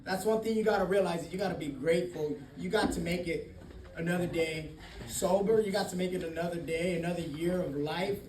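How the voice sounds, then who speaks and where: A man's voice: sits high, brisk. A man speaking candidly at a recovery meeting, swearing freely and laughing often as he shares his story. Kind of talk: personal testimony talk. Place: meeting room. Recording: roomy, distant mic, faint noise.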